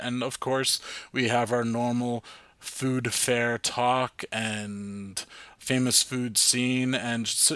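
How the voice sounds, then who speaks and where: A man's voice: medium pitch, a bit bright, dry recording. A man hosting a podcast in casual chat, rambling and poking fun at himself. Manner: rambling, self-mocking. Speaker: podcast host.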